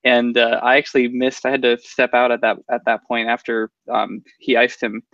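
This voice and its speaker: A male podcast co-host in casual chat, talking haltingly and pausing over his words. His voice sounds muffled and lo-fi, with a dry, close recording. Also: medium pitch, little pitch movement, a bit bright, no room sound. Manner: halting, full of fillers and restarts.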